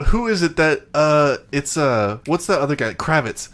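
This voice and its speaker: A man's voice: on the high side, normal speed. A man co-hosting a casual motorsport podcast, retelling stories with laughter and mimicry. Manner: storytelling, laughing, animated retelling. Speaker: podcast co-host. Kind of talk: casual chat.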